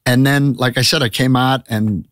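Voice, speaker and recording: A man's voice: medium pitch, fairly even intonation, moderate pace, no echo, studio quality. A man in his fifties, a comedian guest telling candid stories in a casual, rambling podcast chat. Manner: candid, rambling storyteller with restarts.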